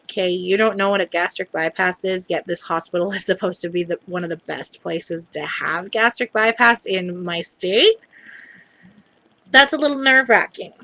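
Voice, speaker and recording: A woman talks to her camera in a casual vlog, telling a story in a chatty, hedging way. Her voice is bright and clear. She often breaks off to quote what other people said. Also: on the low side, normal speed, low-quality recording. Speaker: vlogger.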